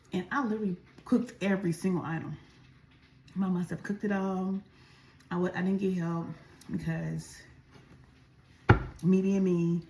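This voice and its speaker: A woman's voice: fairly low pitch, creaky, darkish tone, a little hiss or hum. A woman vlogger telling a story in a chatty, casual way while she eats, speaking straight to her viewers. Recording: echoey room.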